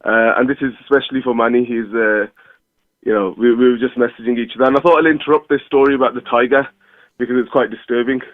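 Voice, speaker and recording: A man's voice: mid-range voice, fairly even intonation, fast talker, no room sound. A man from Birmingham calling in to a radio show, hesitant and modest as he speaks. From Birmingham, England. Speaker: caller. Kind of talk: phone-in chat. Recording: tinny phone line.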